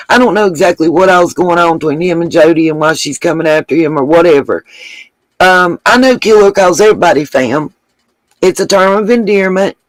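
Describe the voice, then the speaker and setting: A woman's voice: lowish voice, no echo, rough recording. Blunt, fired-up woman. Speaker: livestream host. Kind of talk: live-stream commentary.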